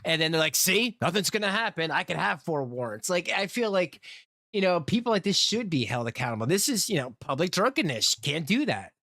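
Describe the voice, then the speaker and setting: Streamer man, rambling commentary, slightly high voice, very dry sound. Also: big pitch swings, brisk, sharp tone, no room sound. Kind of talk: casual reaction commentary.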